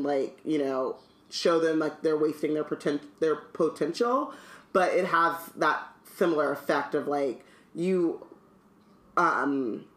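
A woman's voice: low-pitched, echoey room. A woman co-hosting a casual book-club podcast, reading aloud and chatting with many asides.

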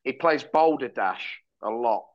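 A man chatting on a podcast as a pundit, cracking deadpan jokes and working himself into mock rants. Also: medium pitch, a little slow, lo-fi sound. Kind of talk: casual chat.

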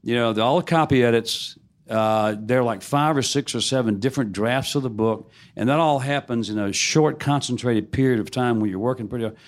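A man's voice: mid-range voice, a little fast. A middle-aged man, a novelist telling wry, self-deprecating stories in a casual onstage conversation. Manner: wry storytelling, laughs at himself. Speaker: novelist on a panel.

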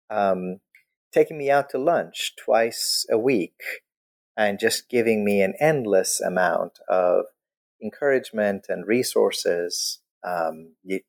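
A middle-aged man, a scholar, telling his own story in a casual way. He is animated and laughs often, and his pitch jumps high when he quotes himself.

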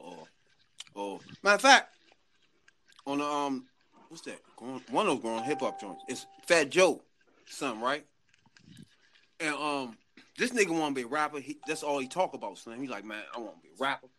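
A man telling a story in casual chat, animated and laughing, full of slang. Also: medium pitch, normal speed, pauses often, a little hiss or hum.

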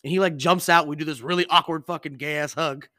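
A man's voice: fairly high pitch, fairly even intonation, brisk, sharp tone, no echo. A young man hosting a casual podcast, telling a rambling, profane story. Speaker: podcast host. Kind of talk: casual chat.

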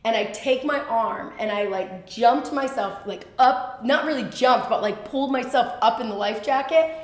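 Animated storytelling woman, echoey room. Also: fairly high pitch. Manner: animated, quick, lots of fillers. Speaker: podcast guest. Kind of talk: personal storytelling.

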